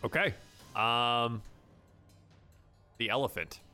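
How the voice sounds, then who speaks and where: A man's voice: medium pitch, slow pace, bright, forceful tone, smooth, soft background music. A man running a tabletop game as game master, narrating in an easygoing way.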